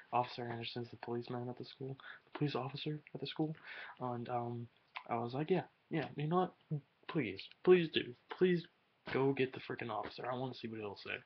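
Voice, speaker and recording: A man's voice: mid-range voice, husky, lo-fi sound. A teenage boy rambling in a casual webcam vlog, slangy and swearing a lot. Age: teens. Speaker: vlogger.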